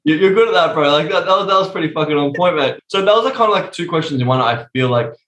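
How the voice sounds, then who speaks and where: A young adult man speaking as a coach in a casual podcast interview, swearing constantly as he tells animated stories. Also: fairly high pitch, fast, a little hiss or hum. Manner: profane, animated storytelling. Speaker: sex and intimacy coach, guest. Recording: roomy echo.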